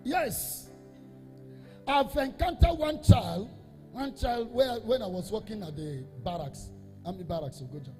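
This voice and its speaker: A man, a Catholic priest, preaching an emphatic sermon that repeats phrases and swells into half-sung, shouted lines. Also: high-pitched, expressive, a little slow, in a large hall, soft background music.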